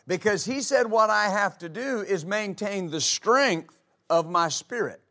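High-voiced preaching pastor. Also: male voice, expressive, unhurried, bright, forceful tone. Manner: preaching with rhetorical questions, reading scripture aloud. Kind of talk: sermon. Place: church.

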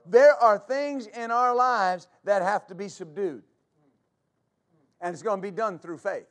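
A man's voice: high voice, a little slow. A man preaching a sermon as pastor, fervent and repetitive, stammering on restarts and calling for answers from the congregation. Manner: call-and-response with congregation.

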